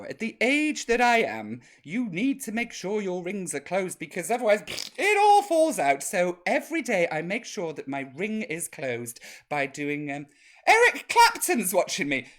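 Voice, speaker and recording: A man's voice: sits high, fairly bright tone. A man hosting a live-streamed chat show as a cheeky camp drag grandmother, reading out viewer comments in a chatty, naughty way. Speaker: drag host playing a grandma.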